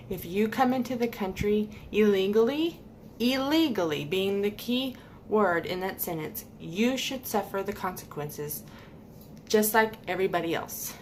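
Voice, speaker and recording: A woman's voice: medium pitch, a little hiss or hum. Heated woman ranting. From United States. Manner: heated, emphatic, repeats points for stress. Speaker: vlogger. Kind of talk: opinion rant to camera.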